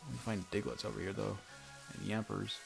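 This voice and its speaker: Deep, gravelly young man rambling while gaming. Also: flat delivery, a little fast. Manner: rambling, self-interrupting, lots of fillers and restarts. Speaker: gaming YouTuber. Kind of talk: casual let's-play chat with storytelling. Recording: faint background game music.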